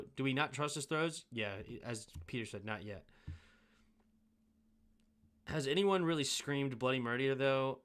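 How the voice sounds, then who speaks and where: A man's voice: medium pitch, a bit bright. A man hosting a sports show, casually breaking down game film and thinking aloud with self-mocking asides.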